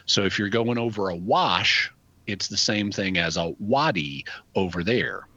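A man who answers questions as the show's expert, explaining things step by step in a measured way and restarting phrases as he thinks. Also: fairly low pitch, pushed and bright, no echo. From United States. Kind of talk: explanatory conversational talk. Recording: dull, dry lo-fi audio.

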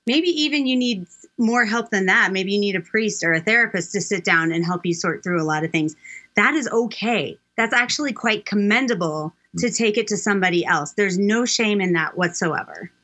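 A woman giving steady, encouraging advice as a guest on a call-in radio show. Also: medium pitch, normal speed.

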